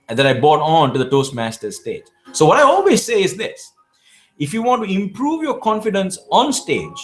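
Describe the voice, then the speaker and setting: A man from Asia, answering viewer questions in a live Q&A, giving emphatic coaching advice and often restarting his words. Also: on the high side. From South Asia. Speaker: public speaking champion answering viewer questions.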